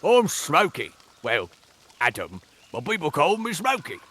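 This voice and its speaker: A man's voice: a little high, huge pitch swings, measured pace, bright, forceful tone, husky, heavily acted. A man voicing a friendly male charcoal burner who lives in the forest, as a live game voice-over.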